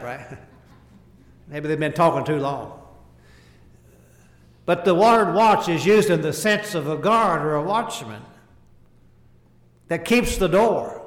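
A man preaching a sermon, reading scripture slowly and with emphasis and asking the listeners rhetorical questions. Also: high-pitched. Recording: echoey hall.

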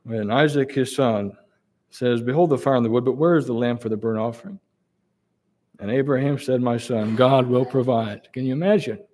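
A man preaching a sermon. He reads scripture in King James wording and presses the listeners with slow, emphatic rhetorical questions. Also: mid-range voice, darkish tone.

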